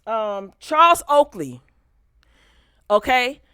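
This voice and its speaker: A woman hosting a casual pop culture commentary show, animated and sassy, talking straight to her viewers on a close mic. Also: on the high side, slow pace, smooth, no room sound. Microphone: close desk mic.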